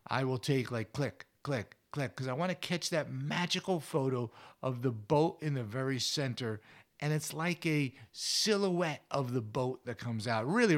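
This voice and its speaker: A man hosting an outdoor adventure show, telling stories in a chatty, rambling way. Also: medium pitch. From United States. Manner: chatty, animated, rambling with restarts. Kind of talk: casual storytelling monologue.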